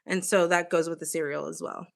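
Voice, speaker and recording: A woman's voice: on the low side, steady tone, fairly quick, vocal fry. A young woman with a Boston accent, chatting casually on a live stream, swearing freely and answering her chat. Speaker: livestream host. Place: home, on a couch with a blanket.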